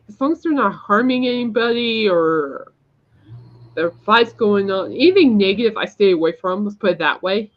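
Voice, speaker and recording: A woman's voice: mid-range voice, moderate pace. Woman podcast host rambling on, emphatic, kinda muffled lo-fi audio. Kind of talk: casual chat. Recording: dull lo-fi sound.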